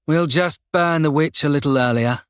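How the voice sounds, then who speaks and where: A man voicing a calm, menacing male serial killer in an audiobook, speaking gently and without hurry. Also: a little high, clear, resonant tone, dry recording, clean studio sound, lightly acted. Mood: calm menace. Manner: gentle, unhurried taunting. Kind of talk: audiobook character voice.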